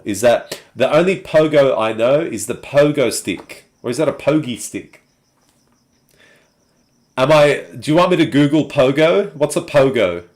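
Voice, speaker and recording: Aussie guy chatting on a live stream, slow and easygoing, lots of ums, voice jumps around a lot. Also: mid-range voice. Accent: Australian. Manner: relaxed, rambling, with many "um"s. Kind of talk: casual chat with viewers.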